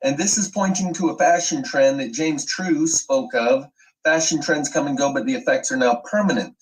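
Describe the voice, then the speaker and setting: A man's voice: fairly high pitch, moderate pace, distant mic, low-quality recording. A man hosting an online commentary video, ranting with emphatic, profane sweeping claims.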